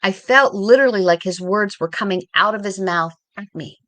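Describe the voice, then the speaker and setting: A woman hosting a reflective spiritual talk, speaking in short, measured phrases with pauses. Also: medium pitch, a bit bright, dry recording.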